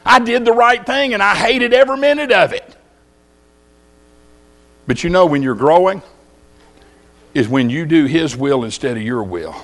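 A man's voice: fairly high pitch, animated, normal speed, pauses often, a bit bright. A man with a Texan accent preaching a sermon in church, telling folksy stories and firing rhetorical questions at the congregation.

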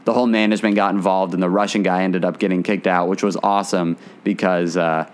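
Lowish male co-host, casual chat, animated storyteller who swears freely. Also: fast talker, smooth.

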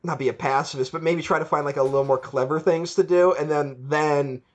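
A man's voice: on the high side, fairly even intonation, brisk, dull audio. A man chatting casually about a film on a podcast, rambling, laughing and acting out scenes from it. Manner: rambling, chuckling, acts out quotes. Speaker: podcast co-host. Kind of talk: casual film review chat.

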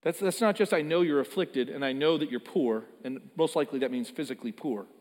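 A man's voice: fairly high pitch, a little fast, a little mellow. A man preaching a sermon, earnest and emphatic, often repeating words as he builds a point. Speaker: pastor. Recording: long hall reverb.

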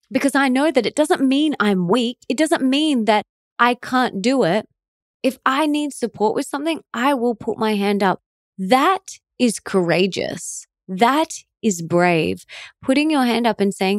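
A woman's voice: on the high side, animated, unhurried, no echo, studio quality. A woman in her thirties hosting a motivational podcast, talking in an earnest, encouraging, heartfelt way. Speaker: podcast host. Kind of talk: motivational monologue.

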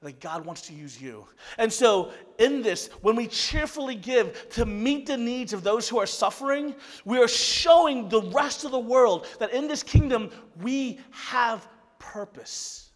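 A man preaching a sermon, telling a story that swings from loud excitement to hushed softness. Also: very high voice, a little slow, long reverb tail. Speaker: pastor.

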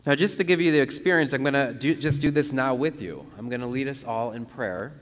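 A man who is a priest, teaching and leading a guided prayer slowly and calmly, repeating phrases with pauses for breathing. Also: medium pitch. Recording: long reverberant room sound.

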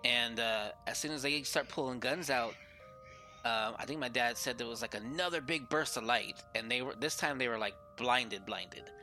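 A man's voice: medium pitch, moderate pace, sharp tone, soft background music. Rambling man telling a story. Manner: rambling, heavy use of "like". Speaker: podcast guest. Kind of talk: casual storytelling. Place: remote call over Discord.

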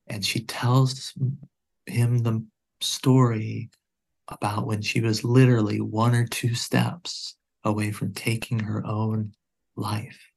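A man guest on a podcast, telling a story in conversation in an earnest, measured way. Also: on the low side, little pitch movement, gravelly, darkish tone.

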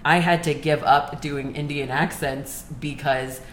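A woman chatting casually on a panel, telling stories in an animated way and laughing often. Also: low voice, measured pace. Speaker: podcast panelist. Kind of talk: casual chat. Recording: echoey room, faint background noise.

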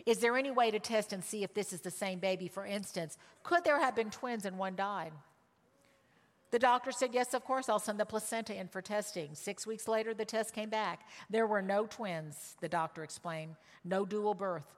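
Woman preacher, emotional storytelling, loud then hushed, long hall reverb. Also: mid-range voice. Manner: emotional, swings from loud exclamations to hushed tones. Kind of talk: sermon storytelling.

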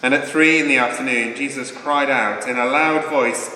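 A man reading a scripture passage aloud in a church, in a clear, declamatory way. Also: medium pitch, fairly even intonation, normal speed, bright, forceful tone, slight background noise. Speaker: scripture reader. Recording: echoey church hall, faint ambience.

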